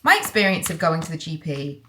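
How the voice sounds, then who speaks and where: A woman in her late thirties talks to her camera at home in a relaxed vlogging chat. Her voice sits a little low. She comes across as chatty and enthusiastic, with a self-deprecating streak. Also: fairly quick, heavy background noise. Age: 30s.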